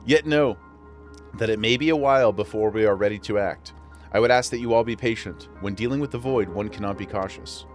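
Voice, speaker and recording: A man reading aloud the earnest, measured lines of a solemn game character. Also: lowish voice, faint music behind, close to an everyday voice.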